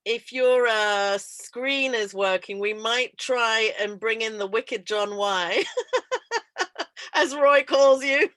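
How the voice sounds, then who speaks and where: A woman's voice: a little high, slow, fairly bright tone, no room sound. A woman with an English accent hosting an online event over a video call, chatty, laughing often and full of fillers. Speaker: host. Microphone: computer mic on video call.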